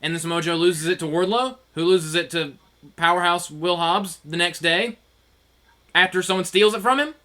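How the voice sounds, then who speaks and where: A man co-hosting a casual podcast, telling stories in an animated way and laughing often. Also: high-pitched, normal speed. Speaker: podcast co-host. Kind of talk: casual chat.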